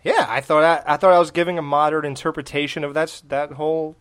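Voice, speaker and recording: A man's voice: fairly high pitch, fairly even intonation, fast, a bit bright, clear, resonant tone. Rambling guy podcast co-host. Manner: rambling, laughs a lot, many restarts. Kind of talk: casual chat.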